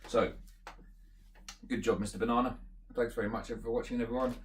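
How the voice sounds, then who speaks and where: A man giving a casual beer review, talking in a relaxed, rambling way and thinking aloud with fillers as he tastes. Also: mid-range voice, fairly quick, a little hiss or hum. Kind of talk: casual beer tasting chat.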